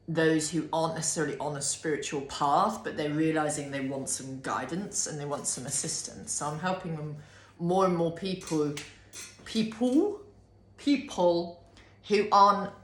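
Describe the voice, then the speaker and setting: A British woman, a spiritual coach, talking slowly and earnestly in a casual reflective vlog recorded at home. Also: deep voice. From United Kingdom. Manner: slow, heartfelt and earnest, with drawn-out pauses. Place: at home with dogs. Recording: echoey room, faint background noise.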